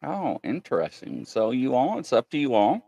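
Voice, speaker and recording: A man's voice: mid-range voice, huge pitch swings, normal speed, gravelly, warm tone, no echo. A man hosting a casual live-stream chat, jokey and chatty as he greets viewers by name. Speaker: host.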